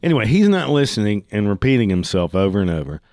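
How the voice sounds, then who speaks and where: A man's voice: on the low side, big pitch swings, fast, darkish tone, no room sound, clean studio sound. A man telling a heated, profane story in a casual storytelling style, swearing freely.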